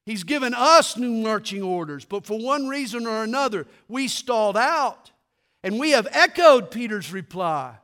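A man preaching a sermon, telling stories with humor and dropping low and quiet for his punchlines. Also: moderate pace, smooth. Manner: animated storytelling, drops to quiet for punchlines.

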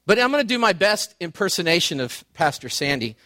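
A man pastor preaching a sermon, telling stories in an animated, excitable way and calling his listeners "man". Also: high voice, fairly quick, no echo. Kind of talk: sermon with storytelling.

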